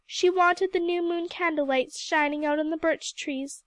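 A woman narrating a novel in a gentle, even storybook reading. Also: extremely high pitch, moderate pace, no room sound. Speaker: audiobook reader. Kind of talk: scripted narration.

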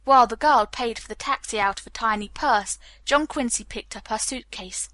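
A woman reading a novel aloud as an audiobook narrator, in a measured style. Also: fairly high pitch, fairly bright tone, dry recording. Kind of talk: scripted narration.

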